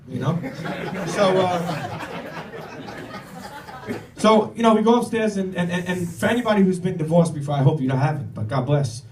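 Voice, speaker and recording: A man's voice: high voice, animated, moderate pace, crowd noise. Profane, rambling middle-aged male comedian. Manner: profane, rambling, with stammered restarts. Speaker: comedian telling a story. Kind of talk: stand-up storytelling on stage. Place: comedy club stage with audience. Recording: echoey room, recorded from far off.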